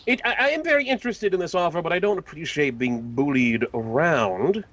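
A man playing in a tabletop game, speaking partly in character with halting, stammering restarts. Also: fairly high pitch, lively intonation, a bit bright, muffled recording. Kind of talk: casual game chat with in-character lines.

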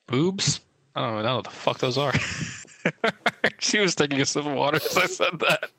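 A young man tells a long, rambling story on a casual podcast, leaning heavily on fillers like "like" and "I was like." His voice is bright and forceful, with a dry, close sound. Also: a little high, animated, normal speed, dry recording, rough recording. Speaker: podcast co-host. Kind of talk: casual chat.

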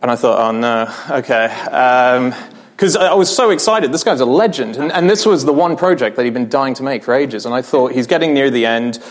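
A man chatting on stage at a live podcast recording and spinning long anecdotes. He talks with animated energy, slips into voices for the people he quotes, and laughs along as he goes. His voice sits at an ordinary middle pitch. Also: a little fast. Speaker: podcast guest. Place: live venue with audience.

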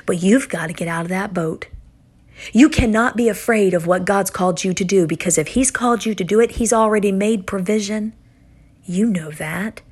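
A middle-aged woman preaching a sermon and telling a personal story, speaking earnestly with emphatic, dramatic pauses. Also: mid-range voice, darkish tone, breathy edge.

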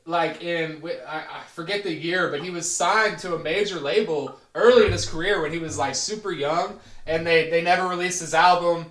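A man hosting a casual podcast chat, leading the talk with relaxed slang and handing the word to his guests. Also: fairly high pitch, moderate pace, hardly any pauses. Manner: relaxed, prompts the others, profane slang. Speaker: podcast host. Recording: roomy, distant mic.

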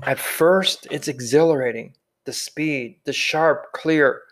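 A man reading the part of a weary old man who carries heavy memories, speaking slowly with sighs. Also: a little high. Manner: slow, weighted, sighing. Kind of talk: audiobook character reading.

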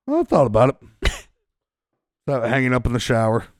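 A man co-hosting a casual podcast, telling stories in a halting, deadpan way. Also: mid-range voice, dry recording, studio quality. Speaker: podcast co-host.

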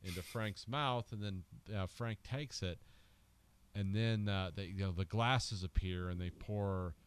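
A man co-hosting a film podcast, rambling and joking, sometimes shouting out quoted lines. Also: sits low, a little slow, clear, resonant tone. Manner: rambling, jokey, acts out lines in loud bursts. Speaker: podcast co-host. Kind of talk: casual film discussion.

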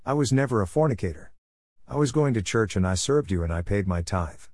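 A man's voice: lowish voice, animated, a little fast, a little mellow, no echo, clean studio sound. A man voicing a distraught woman who pleads at heaven's gate in a retold testimony. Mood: pleading.

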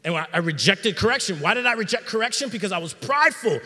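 A middle-aged man preaching a sermon in a church sanctuary, in an energetic, conversational style with slang. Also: high voice, quick pace, big-room sound. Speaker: pastor.

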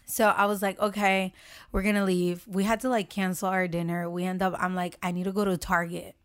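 A young woman in casual chat, telling a story with lively acted-out quotes and frequent swearing. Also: on the low side, brisk, clear, resonant tone. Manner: animated storytelling, acts out quotes, swears freely.

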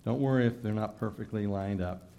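Male pastor, gravelly voice, emphatic sermon delivery that swings between loud and soft. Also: fairly low pitch, fairly quick, a little hiss or hum. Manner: emphatic preaching that rises loud then drops soft.

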